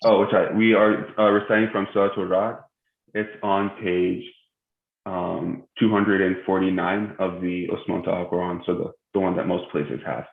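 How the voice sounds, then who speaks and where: A man teaching a tajweed class online, patiently walking students through pronunciations with frequent pauses. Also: low voice, little pitch movement, gravelly. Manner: patient, many "um" pauses, spells out pronunciations slowly. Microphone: video call. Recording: tinny phone-like call audio in an echoey room.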